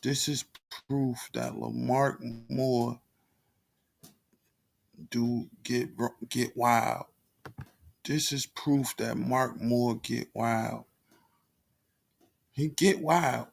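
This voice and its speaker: Slow, gravelly man reacting. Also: medium pitch. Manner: mocking, animated slang-heavy banter. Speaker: reaction video host. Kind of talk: casual reaction commentary.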